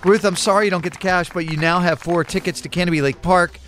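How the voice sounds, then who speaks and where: A man's voice: sits high, fairly even intonation, quick pace, a bit bright, slight background noise. A man hosting a radio quiz segment in the studio, reading trivia questions in an upbeat, punchy way. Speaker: radio show host.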